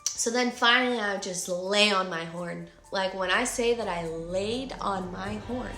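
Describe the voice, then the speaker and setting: A woman in her twenties telling a personal story in an animated way, acting out her own shouts and quoted lines. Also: mid-range voice, measured pace, reverberant, faint music behind. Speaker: vlogger. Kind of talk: emotional storytime retelling.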